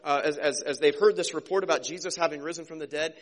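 A man preaching a casual, conversational sermon as a pastor, joking and slipping into quick character voices. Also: fairly high pitch.

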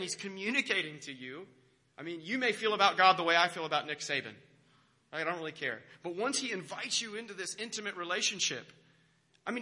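A man's voice: fairly high pitch, bright, forceful tone, husky. A young American man, a pastor, giving a conversational sermon full of self-deprecating stories and restarts. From United States.

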